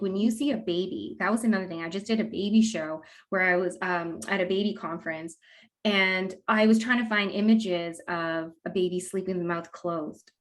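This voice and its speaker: A woman talking as a guest expert in a casual interview, explaining in a lively way and acting out what parents say. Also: mid-range voice. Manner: animated, acts out quoted parents with laughs. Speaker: guest expert on mouth breathing.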